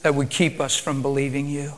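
A male preacher, subdued, calm and quiet, moving between prayer and a reverent sermon. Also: mid-range voice, a little fast.

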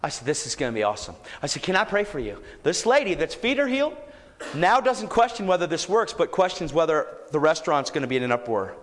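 A man preaching a sermon, telling a story and then exhorting the congregation with rising, shouted emphasis. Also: on the high side, sing-song, quick pace. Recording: echoey hall, long reverb.

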